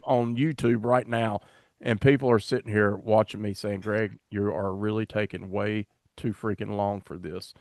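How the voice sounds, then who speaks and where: A man's voice: medium pitch, no room sound, studio quality. A man hosting a podcast in casual chat, rambling and self-deprecating as he fumbles along. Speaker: podcast host.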